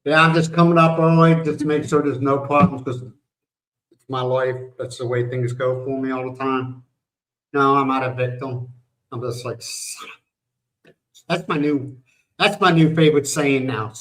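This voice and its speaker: A man's voice: medium pitch, steady tone, moderate pace, a bit bright, poor audio. An older man from the United States hosting a casual livestream, rambling and blunt, swearing now and then. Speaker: livestream host. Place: home in the Philippines.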